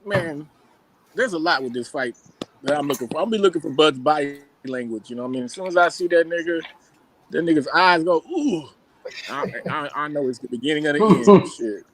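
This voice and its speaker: A man's voice: a little high, a little fast, a bit bright, slight background noise, rough recording. A man on a panel chat, laid-back and profane, breaking down a fight. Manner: laid-back, profane, says "you know what I mean". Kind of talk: casual boxing analysis.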